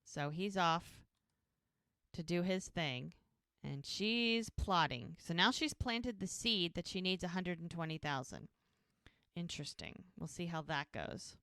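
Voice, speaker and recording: A woman's voice: fairly low pitch, animated, measured pace, sharp tone, smooth, dry recording, studio quality. A woman co-hosting a podcast, casually recapping a TV episode scene by scene and acting out the characters' lines. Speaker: podcast co-host.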